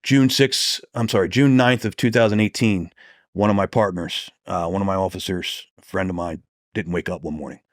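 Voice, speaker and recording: A man's voice: deep voice, steady tone, normal speed, no room sound, clean studio sound. A man who works as a police detective, telling a story as a podcast guest in a casual, profane way and acting out the lines he quotes.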